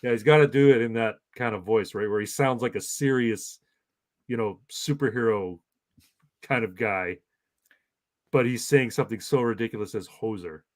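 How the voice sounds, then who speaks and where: A man's voice: lowish voice, normal speed, no echo. A man in his forties from Canada, chatting casually as a podcast host, rambling along with many false starts and repeated words. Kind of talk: casual chat.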